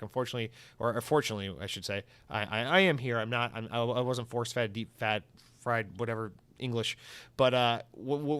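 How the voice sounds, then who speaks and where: A man's voice: medium pitch, fairly bright tone, clear, resonant tone, no room sound. A young man hosting a solo podcast, rambling and swearing with comic exaggeration. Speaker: podcast host.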